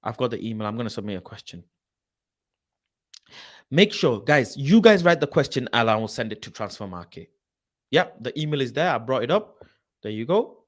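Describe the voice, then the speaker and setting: A man hosts a football channel, ranting in a casual live stream. He swears, reads things aloud off a screen and keeps breaking into loud mock outrage. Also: medium pitch, moderate pace, long pauses. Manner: animated, exasperated, swearing, shouting in mock outrage.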